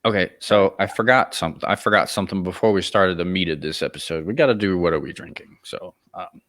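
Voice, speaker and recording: A young man hosting a casual podcast, easygoing and halting, often restarting his sentences. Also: sits low, a bit bright. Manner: easygoing, hesitant, lots of restarts. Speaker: podcast host.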